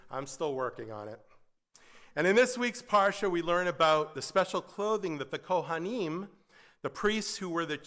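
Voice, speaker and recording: A man's voice: a little high, a bit bright. A man leading a Shabbat service, singing prayers and then giving a sermon with a story and dry asides. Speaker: service leader. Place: synagogue sanctuary. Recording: echoey hall with guitar behind.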